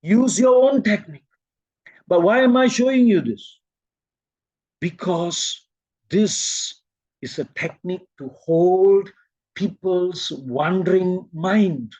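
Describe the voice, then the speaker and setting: Malaysian male workshop trainer, slightly high and mellow, slow and soothing delivery, dull lo-fi sound. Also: expressive, dry recording. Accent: Malaysian English. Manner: slow, soothing, drops to near-whispers when guiding breathing. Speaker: meditation and presentation trainer. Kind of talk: workshop teaching with guided demos. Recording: dull lo-fi recording.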